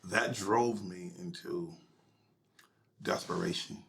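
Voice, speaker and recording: A middle-aged male pastor telling his personal story in an interview, emotional and halting, sometimes dropping to a near whisper. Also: low-pitched, vocal fry, a bit bright, slight background noise. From United States.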